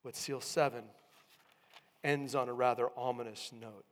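A man preaching a sermon, swinging from hushed tones to loud emphatic calls. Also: medium pitch, fairly even intonation, measured pace, long reverb tail.

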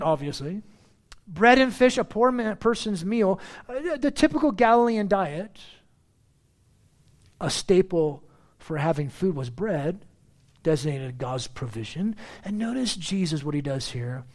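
A man's voice: high voice, expressive, a little slow, long pauses. A man preaching a sermon as pastor, reading scripture verses and explaining them with emphatic, repeated phrases.

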